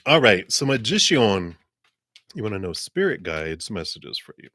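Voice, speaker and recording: A man with a very low voice reads tarot cards for viewers on a livestream. He talks in a friendly, chatty flow and clears his throat every so often. The sound is dry and close. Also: very animated, moderate pace, sharp tone, no echo. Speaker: tarot reader.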